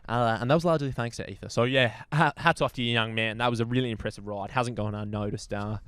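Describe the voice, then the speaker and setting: An Australian man co-hosts a cycling show, laid-back and jokey, often tossing in mate. His voice is a touch lower than most men's but still middle pitch. It is recorded close and dry. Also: fairly even intonation, quick pace, a bit bright, clean tone, dry recording. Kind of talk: casual sports chat.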